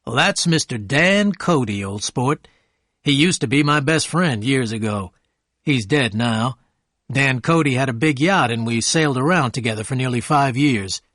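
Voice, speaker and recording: Guy reading as a dreamy rich gentleman, eager and polite, medium voice, dry sound. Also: mid-range voice, animated, unhurried, no room sound. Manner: warm, eager host calling others old sport.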